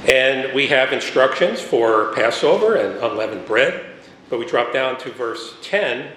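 A man's voice: mid-range voice, animated, measured pace, fairly bright tone. Preacher man in an echoey room. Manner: reads verses aloud, breaks off to explain, frequent "uh" and "um". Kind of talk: sermon with scripture reading. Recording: echoey room, faint background noise.

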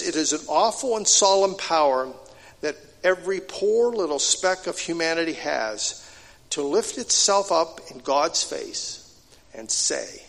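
A man with a high voice preaching a sermon in a large hall or sanctuary. He sinks to quiet, low asides and then climbs to loud, emphatic points. His voice rings with a long reverb that trails after each phrase. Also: gravelly. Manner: swings between hushed, low asides and loud, emphatic declarations.

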